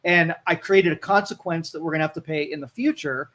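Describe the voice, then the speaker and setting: A man co-hosting a live talk radio show, blunt and moralizing as he weighs in and reads listener comments aloud. His voice sits somewhat higher than most men's. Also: brisk, a bit bright.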